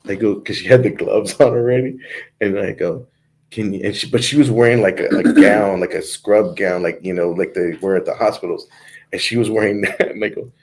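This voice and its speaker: A man, a comedian, telling stories in a casual comedy chat, animated and laughing through his lines. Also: fairly low pitch, a little fast.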